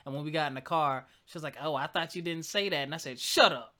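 A man in his thirties co-hosting a casual podcast chat, wry and quick to laugh through his stories. His voice sits somewhat high and sounds bright and forceful. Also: steady tone. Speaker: podcast co-host.

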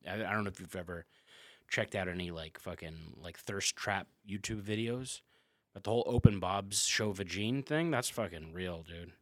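A man's voice: low-pitched, normal speed, no echo. A man in casual, profane chat among friends, loose and laughing often.

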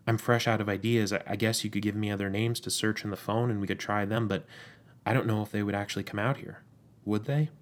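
A man voicing a male demon who talks in halting, hesitant phrases in a low voice. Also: steady tone, lightly acted. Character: male demon, scheming yet tender.

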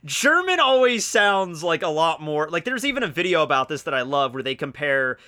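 Bright animated young man joking. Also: fairly high pitch, clear, resonant tone. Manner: animated and jokey, quick reactions. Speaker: podcast host. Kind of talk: casual chat.

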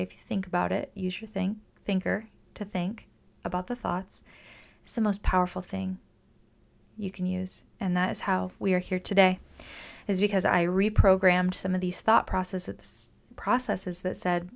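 A woman's voice: mid-range voice, creaky. A woman hosting her own podcast in a casual solo monologue, gushing and upbeat, with lots of "like" and "oh my gosh.". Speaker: podcast host.

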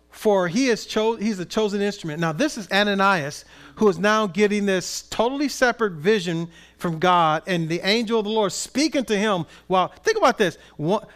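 Guy preaching, lively and chatty, kinda high voice, jokes around as he goes. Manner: animated, conversational preaching with playful asides. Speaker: pastor. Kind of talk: sermon.

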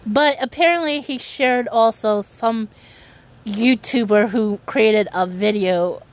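A woman speaks in a somewhat high voice, unhurried and deliberate. Her casual commentary is earnest and halting, with many restarted sentences. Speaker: commentary vlogger. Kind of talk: casual commentary on online news.

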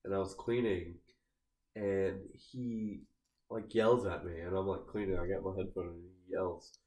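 A man with a lowish voice tells a story in loose, casual podcast chat. He rambles, restarts sentences and fills his speech with "like" and "uh." The room around him is noticeably echoey. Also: fairly even intonation, normal speed, warm tone. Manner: rambling, heavy use of "like" fillers, restarts mid-sentence. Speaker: podcast co-host.

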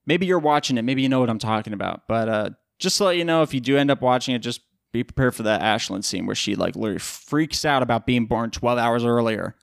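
Man, podcast host, tired, rambling casual chat, dry close sound, mid pitch. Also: lively intonation, quick pace, gravelly, hardly any pauses, dry recording. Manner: rambling, loose, with casual swearing.

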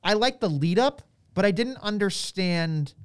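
A man co-hosting a casual podcast, giving quick, excitable opinions and often restarting his sentences. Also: high-pitched, clear, resonant tone. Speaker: podcast co-host.

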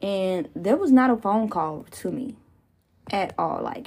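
A woman hosting her own podcast gives a casual solo rant, swearing and laughing in asides as she recovers from pneumonia. Her fairly low voice is gravelly and dark with a breathy edge, animated yet unhurried.

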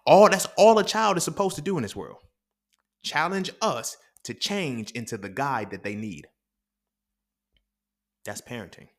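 Blunt, profane man with a low voice. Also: fairly bright tone. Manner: blunt, profane, preachy and emphatic. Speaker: podcast host. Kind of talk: solo impromptu podcast monologue.

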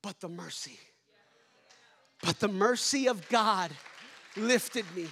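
A man preaching a sermon as pastor, building to shouts and dropping to hushed endings. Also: high voice, expressive, slow, breathy edge, a faint crowd.

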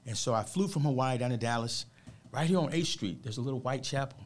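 A man's voice: mid-range voice, fast talker. A man who is a motivational speaker, telling an emotional personal story as a radio guest in an earnest, preachy way, often saying "man".

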